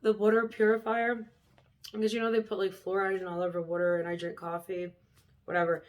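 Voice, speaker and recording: A woman's voice: medium pitch, level tone, a little fast, background noise. A young adult woman vlogging, ranting bluntly and heatedly in a casual, profane way. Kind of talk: casual rant to camera.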